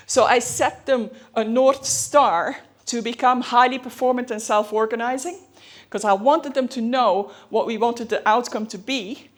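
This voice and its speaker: A woman giving a conference presentation in a hurried, chatty way, full of fillers and self-aware asides. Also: a little high. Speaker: conference speaker. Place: conference hall.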